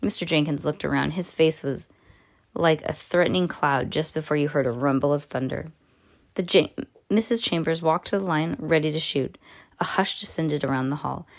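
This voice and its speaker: Woman storyteller, lowish voice, reads a kids' tale aloud, casual, stumbles now and then. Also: moderate pace. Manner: reads with small slips and restarts, casual asides. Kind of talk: reading a children's story aloud.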